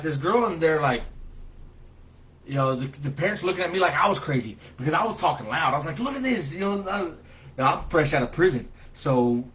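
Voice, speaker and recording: A man with a somewhat high voice tells a story from his own life in a loose, colloquial way. He is animated and gets loud whenever he replays his own lines. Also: rough recording. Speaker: vlogger telling a personal story. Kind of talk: casual spoken storytelling.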